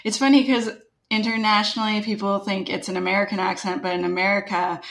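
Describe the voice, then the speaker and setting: A woman's voice: medium pitch, level tone, quick pace, a bit bright, reverberant. A young woman with a strong Canadian accent, talking casually and upbeat in an interview, peppering her speech with "like" and "right?". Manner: chatty, upbeat, full of "like" and "right?". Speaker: guest.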